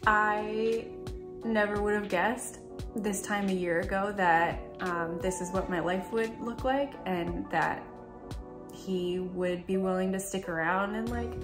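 A young woman talking casually to camera about her partner, chatty and heartfelt, laughing through tears. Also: fairly low pitch. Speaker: girlfriend telling their story. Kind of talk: casual direct-to-camera talk.

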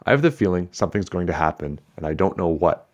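A man's voice: sits low, animated, fast, darkish tone, highs cut off. Storybook schoolboy, earnest, uneasy, worried, read by a man.

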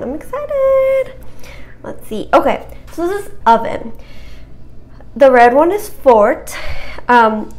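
A cheerful young woman walking through a French vocabulary quiz in a casual, chatty way, encouraging herself and stumbling over hard words. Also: a little high.

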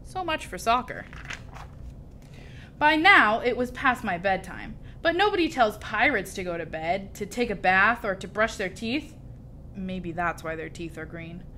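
A woman reading a children's story aloud with expressive, lively storytelling. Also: mid-range voice, unhurried, a little hiss or hum. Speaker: storybook reader.

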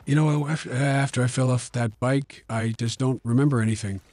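A man's voice: medium pitch, fairly even intonation, normal speed, darkish tone, no room sound, faint music behind. A man with a Yorkshire accent using an AI voice changer to voice a rambling, forgetful old American politician while commentating a game. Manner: mumbly, meandering. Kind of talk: gaming commentary in a put-on voice.

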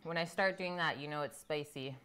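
Lady streamer munching and chatting with chat, lowish voice, laid back. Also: brisk, pushed and bright, smooth. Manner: chatty, reads out viewer comments, tastes food between lines. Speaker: live-stream cooking host. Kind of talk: casual chat while eating.

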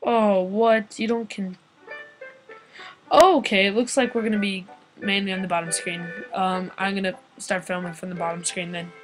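A woman's voice: mid-range voice, level tone, normal speed, rough recording. Crude, sarcastic young woman gaming. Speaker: game player. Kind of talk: let's play commentary. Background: game music.

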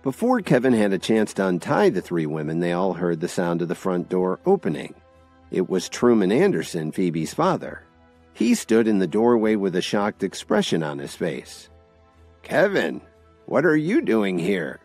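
A man narrating an audio drama series in an expressive storytelling manner. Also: deep voice, moderate pace, faint music behind.

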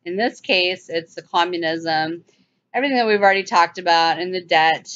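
A woman hosting her own channel, commenting urgently over video clips and mocking with sarcastic high-pitched asides. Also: moderate pace, fairly bright tone. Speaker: channel host. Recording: dull lo-fi sound.

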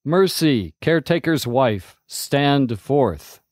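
A man voicing a calm, gruff male ranger commander who gives slow, measured orders. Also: mid-range voice, dry recording, clean studio sound. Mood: stern.

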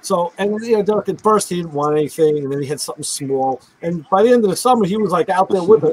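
A man's voice: fast, a little mellow, a little hiss or hum, low-quality recording. A man chatting casually on a talk show, telling stories and acting out the lines of the people in them. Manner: storytelling, acting out quotes with pitch jumps. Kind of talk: casual chat.

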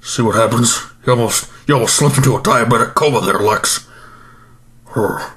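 A man's voice: mid-range voice, normal speed, fairly bright tone, lightly acted. A man playing an overstuffed, self-pitying male supervillain in an improvised comedy monologue, groaning and rambling about his regrets.

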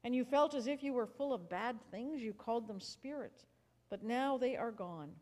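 A woman reading a calm, kindly healer. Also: on the high side, normal speed, pitched above the performer's own voice, lightly acted. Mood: gentle. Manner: gentle, even storybook delivery. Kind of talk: dramatized Bible story reading. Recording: reverberant church hall.

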